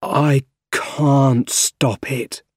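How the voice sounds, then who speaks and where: Male reader voicing a heavy, very slow storybook scientist, mid-pitched, dry close sound. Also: a little mellow, no room sound. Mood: grave. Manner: very slow, heavy, deliberate delivery. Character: troubled middle-aged male scientist, grave and torn. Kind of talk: storybook character voice.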